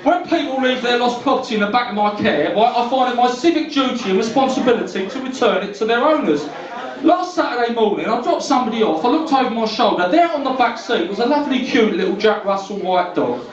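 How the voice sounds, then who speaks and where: A man's voice: extremely high pitch, lively intonation, quick pace, recorded from a distance, crowd noise. A man with a London accent doing stand-up as a brash, cheeky cab driver in a pub comedy venue. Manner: brash, cheeky, leaning on tag questions. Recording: dull roomy club recording from afar.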